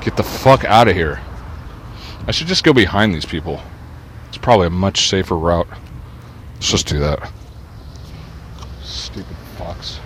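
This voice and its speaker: A man's voice: deep voice, animated, normal speed, long pauses, a little hiss or hum. An older man rambling on a city street into a small wire mic, profane and irritable, talking to himself and the camera. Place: outdoors on a city street with traffic. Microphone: small wire mic worn on body. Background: passing cars and motorcycles.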